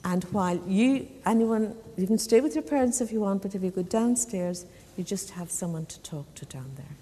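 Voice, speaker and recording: A woman telling a story to children in a church service, in a gentle, chatty way with small fillers. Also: medium pitch, animated, normal speed, husky. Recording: long church reverb.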